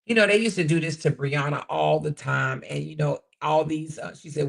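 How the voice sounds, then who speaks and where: A woman hosting a casual commentary channel, chatting sassily to her viewers and often pausing to find clips. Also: low voice, expressive, creaky.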